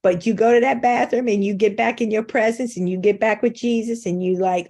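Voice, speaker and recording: A woman's voice: fairly high pitch, steady tone, a little fast, few pauses, darkish tone. A middle-aged woman giving an informal faith talk on a video call, candid and self-mocking, laughing often. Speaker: guest speaker.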